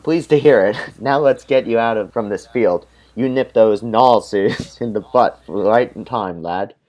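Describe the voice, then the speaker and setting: A man's voice: unhurried, darkish tone, natural voice. A man doing a pompous old British statesman. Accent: attempted British. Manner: pompous, booming, half-hearted impression. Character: stout elderly cigar-chewing British prime minister.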